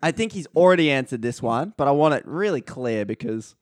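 A man's voice: mid-range voice, animated, a little fast, dry recording, clean studio sound. A man co-hosting a casual podcast, playfully quizzing the guest. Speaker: podcast co-host.

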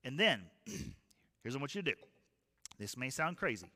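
A man voicing a calm old prophet who gives matter-of-fact instructions. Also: medium pitch, moderate pace, big-room sound. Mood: instructing.

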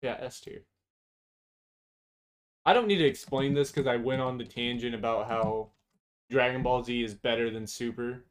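A man's voice: mid-range voice, normal speed, long pauses. A man co-hosting a casual chat, blunt and profane, opinionated and prone to long tangents. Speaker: podcast co-host.

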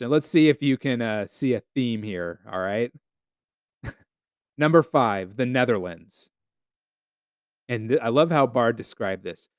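A man's voice: mid-range voice, dry recording, clean studio sound. A man hosting his own podcast, talking casually and sarcastically, swearing often and laughing between stories. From United States. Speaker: podcast host. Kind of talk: casual solo podcast monologue.

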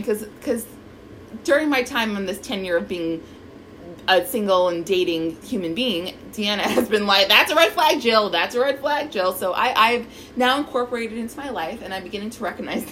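A woman's voice: medium pitch, moderate pace, a little hiss or hum, low-quality recording. A woman telling a dating story in casual chat, acting out quotes and swearing freely. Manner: animated, swearing, acts out quotes.

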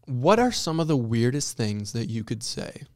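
A man's voice: mid-range voice, big pitch swings, normal speed. A young man co-hosting a casual podcast chat, blunt and swearing freely. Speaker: podcast co-host.

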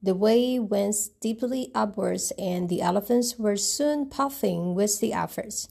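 A woman reading a picture book aloud and retelling each page gently. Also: medium pitch, unhurried, vocal fry, slightly rough. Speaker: storybook reader.

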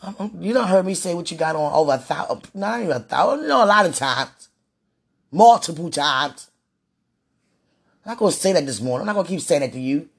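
A woman's voice: lowish voice, lively intonation, a little fast, vocal fry, breathy edge. A woman vlogging in a casual, rambling monologue, sighing and repeating herself as she pleads aloud to God.

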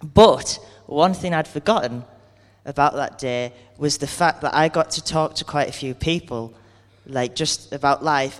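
A man giving an earnest, conversational sermon, speaking candidly and acting out everyday complaints. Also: fairly high pitch. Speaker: preacher. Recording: long hall reverb.

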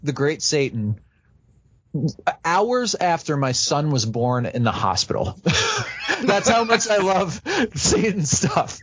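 A man talking casually as a podcast guest, animated and quick to laugh and joke. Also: a little high, background noise. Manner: animated, laughs often, jokey. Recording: dull lo-fi dry sound.

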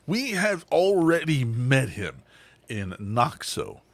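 A man chats casually on a podcast, his voice swinging high and low with plenty of life. He swears freely and laughs often. The sound is dry and close. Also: sing-song, takes it slowly, no room sound. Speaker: podcast co-host, voice actor. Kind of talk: casual chat.

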